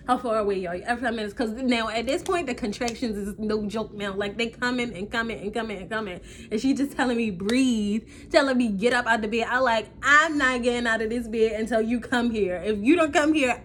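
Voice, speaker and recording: A young woman telling a story in a casual vlog, full of fillers and animated quoted dialogue. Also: mid-range voice, a little hiss or hum. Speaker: vlogger.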